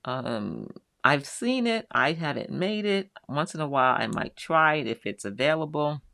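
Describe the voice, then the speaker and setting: A woman's voice: deep voice, lively intonation, moderate pace, gravelly, no echo, studio quality. Chatty woman hosting a live quilting stream. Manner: chatty, reads out viewer names and answers warmly. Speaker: host of a live quilting show. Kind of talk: casual live-stream chat reading viewer comments.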